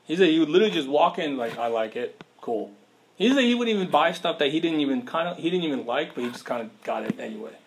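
A man's voice: a little high, expressive, racing, few pauses, slight background noise. A man preaching a sermon in a casual, conversational way, with slang and rhetorical questions to the listeners.

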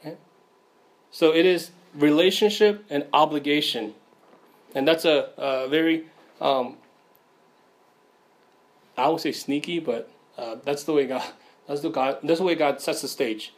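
A man's voice: fairly high pitch, measured pace, long pauses. A man giving an informal sermon, with many fillers and frequent "right?" checks. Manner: casual, many fillers, asks "right?" often.

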